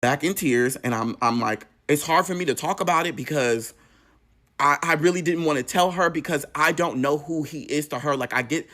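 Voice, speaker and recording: A man's voice: a little high, moderate pace, sharp tone. A man casually telling a personal story to camera, candid and profane, acting out the dialogue as he goes. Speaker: storytime vlogger.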